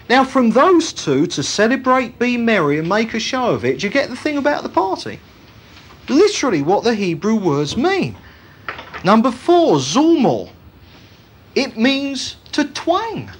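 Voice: medium pitch, huge pitch swings, unhurried, slightly rough. A preacher giving an emphatic Bible teaching sermon, often putting rhetorical questions to the congregation.

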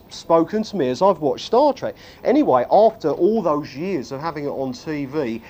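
A man preaching a sermon, telling stories with self-deprecating jokes and a lively, animated delivery. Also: high voice. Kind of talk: humorous sermon.

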